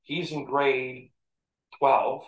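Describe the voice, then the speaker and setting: A man telling stories from his playing days in a casual interview, animated, acting out quotes and laughing often. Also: medium pitch, extremely slow. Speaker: interview guest, former athlete. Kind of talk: casual storytelling. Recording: echoey room.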